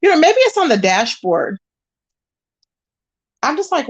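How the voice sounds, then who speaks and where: A woman's voice: sits high, sing-song, a little slow, long pauses, lo-fi sound. A woman hosting a casual livestream, greeting viewers and chatting while she searches her screen. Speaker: livestream host.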